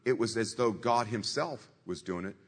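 A man's voice: lowish voice, normal speed, big-room sound. A man preaching a sermon in a conversational storytelling way, repeating scripture lines for emphasis.

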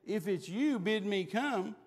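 Bold, impulsive fisherman, drawn-out call , voiced by a preacher, long hall reverb. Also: sits high, lively intonation, heavily acted.

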